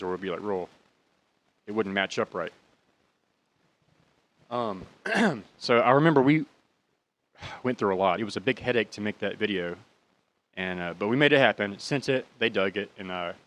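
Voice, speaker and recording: A man's voice: on the low side, a bit bright. A man in his thirties hosting a podcast, telling a personal story in a rambling, profane, heated way. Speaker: podcast host. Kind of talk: casual storytelling.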